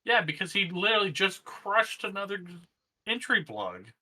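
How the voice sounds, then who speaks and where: A man's voice: sits high, sing-song, moderate pace, sharp tone. A man co-hosting a podcast, chatting casually with sarcastic joking asides. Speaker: podcast co-host. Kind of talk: casual recap chat.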